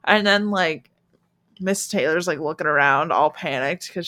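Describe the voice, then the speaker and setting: Woman podcast co-host, bright tone, lively casual book chat. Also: sits low. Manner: animated, acts out characters in quick voices.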